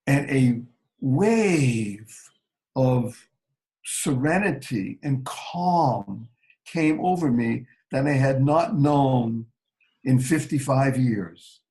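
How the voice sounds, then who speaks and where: A man telling a personal story slowly and earnestly as an interview guest. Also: medium pitch, expressive, warm tone, poor audio.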